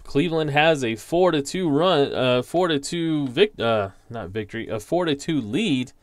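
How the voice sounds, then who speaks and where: A man calling play-by-play for a tabletop baseball simulation, slowly reading out dice rolls and player stats. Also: medium pitch, lively intonation, no echo. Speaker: league commissioner calling a tabletop baseball sim. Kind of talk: play-by-play commentary.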